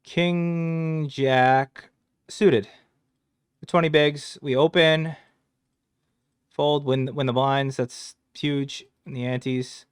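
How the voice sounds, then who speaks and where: A man's voice: fairly high pitch, fairly even intonation, drawn-out words, long pauses, clear, resonant tone, no room sound, clean studio sound. A man casually reviewing his poker hands, joking crudely and swearing as he goes. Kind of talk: casual hand review commentary.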